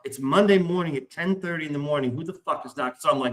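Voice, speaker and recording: Middle-aged male podcast host, raised pitch, excitable, profane, chatty storyteller. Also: fast talker. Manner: excitable, heavy swearing. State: stressed, hyped up. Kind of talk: casual storytelling.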